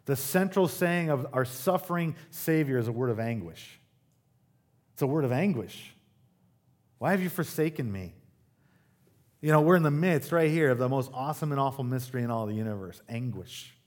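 A man's voice: mid-range voice, a little fast, darkish tone. A man preaching a sermon to a church congregation, conversational and joking, with sudden emphatic rises. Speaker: pastor. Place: church service.

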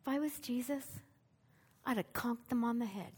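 A woman's voice: a little high, moderate pace, husky. A woman preaching a sermon, telling a story with energy and putting questions to her listeners.

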